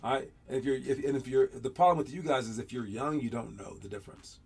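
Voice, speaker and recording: Animated man coaching young players. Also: medium pitch, fast talker, gravelly, breathy edge. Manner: animated, rambling, laughs often, coaching tone. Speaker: basketball show host coaching young players. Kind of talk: casual commentary on game clips.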